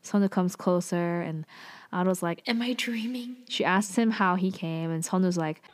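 A woman's voice: fairly low pitch, steady tone, smooth, no room sound. Chatty young woman recapping a drama. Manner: chatty, full of "like" and "um", quick asides. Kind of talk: casual spoken recap of a TV drama.

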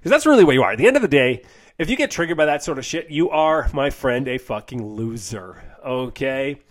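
A man's voice: medium pitch, animated, fairly quick. A man who is a health coach, ranting on his podcast in a blunt, profane, mocking way. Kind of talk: casual podcast rant.

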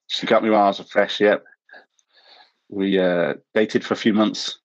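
A man with a lowish voice talks casually as a podcast guest, working his way through long personal anecdotes. He was born in South Africa and tells his stories with a self-mocking streak, often breaking into a chuckle at his own expense. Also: steady tone, normal speed, lo-fi sound. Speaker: podcast guest, former missionary. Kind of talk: casual anecdotal interview talk.

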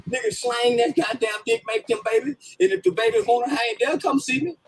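Heard in a played clip, a commentator with a very high, expressive voice speaks a little fast, ranting and swearing comically while laughing and half-crying. The rough recording carries a bit of hiss or hum.

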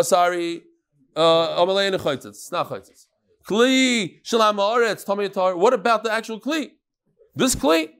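A man teaching a Talmud lesson in an animated way, acting out the sages' exchanges and mixing in Hebrew and Aramaic terms. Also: sits high, clean tone.

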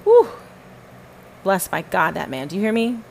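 A woman's voice: medium pitch, huge pitch swings, normal speed, vocal fry, a little mellow, low-quality recording. A woman hosting a podcast, giving a fervent, emphatic spoken testimony and repeating phrases for stress. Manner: talks to listeners and to God in turn. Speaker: podcast host.

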